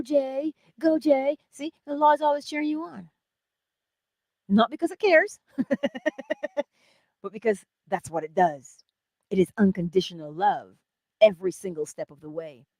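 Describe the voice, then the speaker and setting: A woman hosting a morning inspiration stream, giving an animated motivational talk that moves between loud cheering and soft whispers, laughing often. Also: mid-range voice, measured pace, pauses often, no room sound, studio quality.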